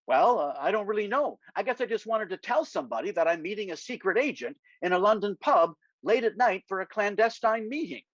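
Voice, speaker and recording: A man's voice: high-pitched, lively intonation, a little fast, few pauses, dry recording, pitched above the performer's own voice. A man voicing an earnest, nervous young political aide who sounds a bit self-important. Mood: eager, nervous. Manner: earnest, nervous, slightly pompous. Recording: dry, slightly dull lo-fi sound.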